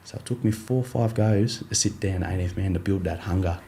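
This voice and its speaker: A young Australian man with a low, warm voice tells his story in a relaxed interview. He rambles through fillers and restarts and slips into his coach's voice when quoting him. The delivery stays easy-going and conversational. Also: fairly quick. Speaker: rugby league player, podcast guest.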